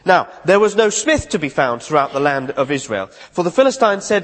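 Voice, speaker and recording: Male preacher giving a chatty sermon in a reverberant church hall, voice on the higher side. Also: sing-song, fairly quick, fairly bright tone. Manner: conversational, with restarts and asides.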